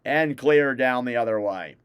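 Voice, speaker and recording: Recorded cleanly in a studio without echo, a young man hosts a fan livestream in a smooth, medium-pitched voice. He rattles off hockey players' names in quick play-by-play, self-correcting as the puck moves.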